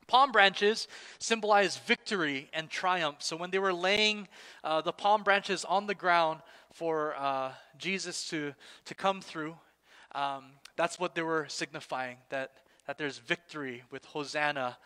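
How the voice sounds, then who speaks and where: A man with a high, bright voice hosts relaxed Bible trivia at a church service, teasing listeners and chatting loosely. His voice rings with a long reverb from the hall around him. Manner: chatty and playful, joking with listeners. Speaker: church worship leader.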